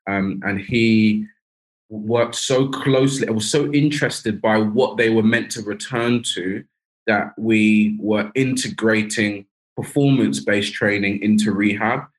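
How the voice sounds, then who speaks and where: A man's voice: on the low side, fairly even intonation, measured pace, low-quality recording. A man who is a sprint coach, speaking as a podcast guest in emphatic, enthusiastic bursts. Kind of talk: podcast interview.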